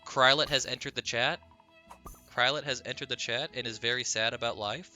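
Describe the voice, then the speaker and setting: A man's voice: mid-range voice, fairly even intonation, a little fast, pushed and bright, faint music behind. A man streaming a video game, chatting playfully with his viewers and giggling at his own jokes. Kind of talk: casual live-stream chat while gaming.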